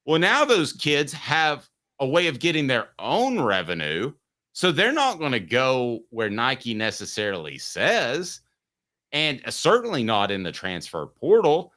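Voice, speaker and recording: Hosting a sports talk show, a man argues his point with opinionated, emphatic rhetorical questions. His voice is bright and forceful, and his pitch moves a lot as he presses each argument.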